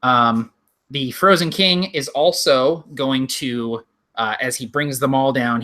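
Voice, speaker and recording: Bright-voiced male game master. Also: mid-range voice. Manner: unhurried and descriptive, with frequent ums. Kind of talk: narrating a tabletop game.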